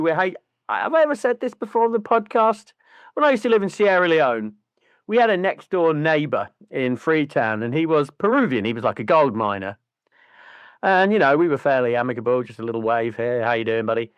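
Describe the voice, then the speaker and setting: A man in his forties chatting on a podcast, his voice sitting fairly high and swinging up and down with real animation. He tells rambling, profane stories and slips into voices for the people in them. The sound is dry and close, with no room at all. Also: clean tone, dry recording. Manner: lively, profane storyteller doing voices. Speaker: podcast co-host. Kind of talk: casual chat.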